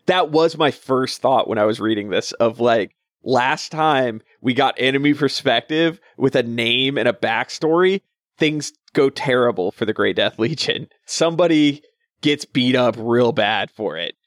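A man's voice: mid-range voice, unhurried, no room sound, studio quality. A man co-hosting a book podcast, chatting casually and amused about the story. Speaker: podcast co-host. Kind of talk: casual book club chat.

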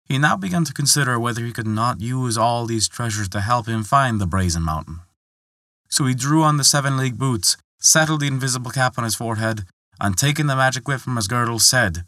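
A man narrating a folktale, reading in an expressive way and lifting his voice for the characters' lines. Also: brisk, no echo, studio quality. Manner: expressive, lifts pitch for quoted characters. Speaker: storyteller.

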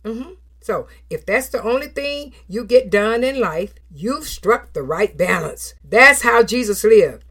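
A middle-aged woman preaches a sermon with a lively voice that swings up and down in pitch. She keeps the delivery expressive and animated, dropping in affirming hums and laughter. Her pitch sits in a middle range for a woman. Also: breathy edge.

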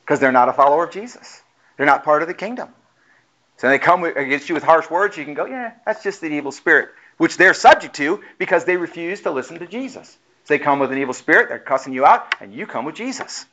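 A man preaching a sermon as pastor, emphatic and animated, acting out the voices he quotes. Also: a little high, quick pace. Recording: muffled lo-fi sound.

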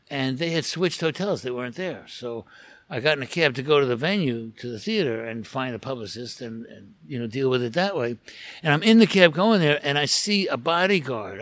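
A man's voice: medium pitch, fairly bright tone, no room sound. Rambling man telling a story, dry sound. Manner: rambling storyteller with frequent restarts and asides. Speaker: guest photographer. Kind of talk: casual anecdote-telling in conversation.

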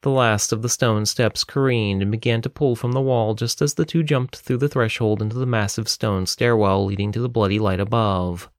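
Male storyteller, low voice, dry close recording. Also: fairly even intonation, normal speed, few pauses, no echo. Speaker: narrator. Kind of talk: reading a story aloud.

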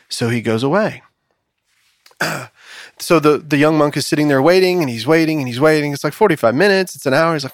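An upbeat man hosts a podcast, telling jokes and acting out quotes in a lively storyteller way. His voice sits a bit high for a man and sounds close and dry, with little room around it. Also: normal speed, no room sound. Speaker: podcast host. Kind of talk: casual chat and joke telling.

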